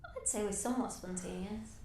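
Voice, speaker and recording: A woman in her thirties co-hosting a podcast, telling stories in a lively, chatty way. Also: mid-range voice, a little fast. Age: 30s. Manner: lively storytelling, laughs easily. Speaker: podcast co-host. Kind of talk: casual chat. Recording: roomy echo.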